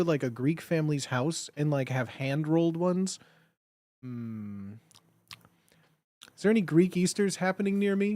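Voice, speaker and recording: A man's voice: sits high, darkish tone, no room sound. A young man streaming, chatting casually and rambling, with lots of fillers and restarts. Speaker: live streamer reading chat. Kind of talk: casual chat.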